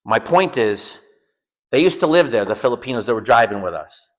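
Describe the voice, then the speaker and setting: An American man teaching a home school lesson, telling a personal story and acting out shouted quotes. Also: medium pitch, lively intonation, fairly quick. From United States.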